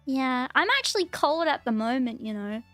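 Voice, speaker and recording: A woman's voice: high-pitched, moderate pace, fairly bright tone, no room sound, soft background music. A woman with an Australian accent, chatting casually and rambling on a live stream as a VTuber host. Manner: chatty, rambling, repeats herself.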